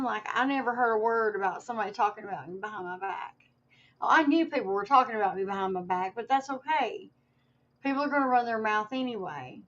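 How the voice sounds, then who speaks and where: A woman's voice: fairly high pitch, dull audio. A woman livestreaming to her viewers in a casual, rambling way, with many fillers and restarts and some emotion.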